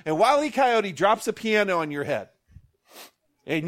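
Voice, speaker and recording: A man preaching a sermon as pastor, animated, with jokey asides and call-outs to the congregation. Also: high voice, normal speed.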